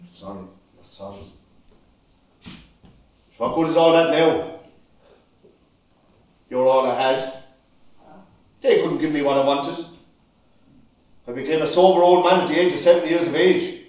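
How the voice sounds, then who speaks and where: A man's voice: fairly high pitch, steady tone, normal speed, pauses often, darkish tone, lightly acted. A man plays a bitter, heartbroken grown son in an amateur stage drama, speaking in an impassioned voice that rises to pleading. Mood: anguished. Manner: impassioned, rising to pleading outbursts. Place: stage in a large hall. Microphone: far camera microphone. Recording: echoey hall from far off.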